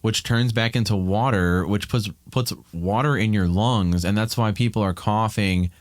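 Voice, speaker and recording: Low-voiced man rambling candidly. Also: normal speed, no room sound. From Ohio. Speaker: podcast guest. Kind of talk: casual chat.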